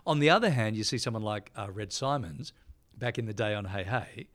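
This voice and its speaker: A middle-aged Australian man, a TV host guesting on a podcast, telling lively anecdotes and acting out the people in them. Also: fairly low pitch, brisk. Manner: lively storyteller, acts out quotes.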